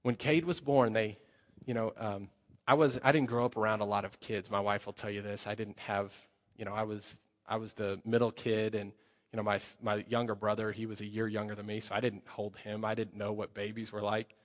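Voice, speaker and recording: A young adult man preaching a sermon as pastor, telling stories with lively energy, fillers and repeated phrases. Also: on the low side, brisk, long reverb tail.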